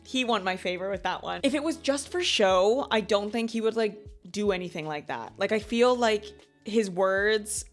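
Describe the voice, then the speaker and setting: A woman's voice: medium pitch, normal speed, soft background music. A woman in her thirties hosting a casual book club review, chatty and gushing, full of filler words. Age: 30s.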